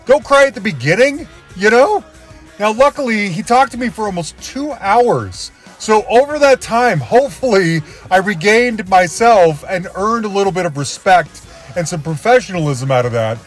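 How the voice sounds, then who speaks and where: A man's voice: high voice, expressive, moderate pace, faint music behind. A man hosting a podcast and introducing an episode on his own, rambling and self-deprecating. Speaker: podcast host.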